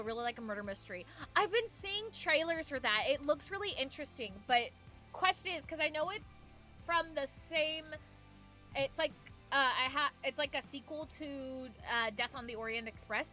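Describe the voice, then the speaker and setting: A young woman with a high, bright voice chats casually with viewers from home, rambling along and reading their messages aloud. Faint music plays softly underneath. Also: lively intonation, moderate pace. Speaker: streamer. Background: faint background music.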